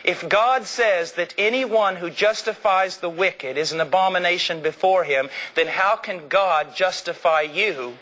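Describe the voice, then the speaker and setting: Impassioned male preacher, high bright voice. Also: a little slow, few pauses, rough recording. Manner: impassioned, shifts between low earnest and high shouted emphasis. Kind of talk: sermon.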